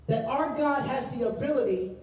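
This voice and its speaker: A male pastor preaching a sermon to a congregation, stressing words and stretching out key phrases slowly. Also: extremely high pitch, darkish tone. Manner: emphatic preaching with slow drawn-out phrases. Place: large room with congregation. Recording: very echoey room, distant mic.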